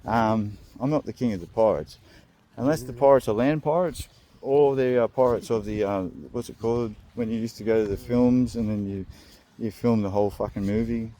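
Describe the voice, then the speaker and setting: Brief: young Australian bloke, crude comic vlogger, laughs a lot, mid pitch. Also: male voice, moderate pace, mellow. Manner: crude, joking, laughs often. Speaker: vlog host. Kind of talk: rambling comedic vlog.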